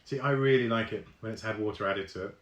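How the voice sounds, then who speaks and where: A man hosts a live online whisky tasting, chatting casually with plenty of ums and reading viewer comments aloud. His voice is fairly low and fast, and the sound is reverberant.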